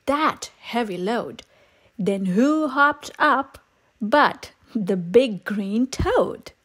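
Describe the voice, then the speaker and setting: A woman reading a children's picture book aloud, expressive and sing-song in her delivery. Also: a little high, extremely slow. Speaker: storyteller. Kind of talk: children's read-aloud storytime.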